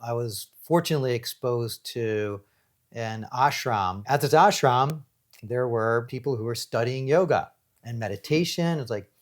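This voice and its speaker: A middle-aged man, an executive coach giving an animated motivational talk on stage, swinging from loud to hushed as he tells stories. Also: medium pitch, unhurried.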